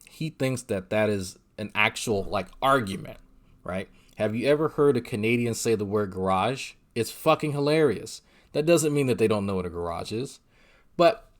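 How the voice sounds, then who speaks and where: A man talks through a livestream commentary. His voice sits a little low. He is casual and swears freely, laughing often. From Louisiana.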